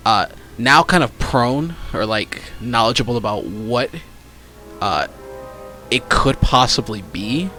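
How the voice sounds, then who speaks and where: A man narrating as game master of a tabletop role-playing session, pausing often with fillers as he describes the scene. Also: medium pitch, animated, bright, forceful tone, soft background music. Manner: hesitant, lots of fillers.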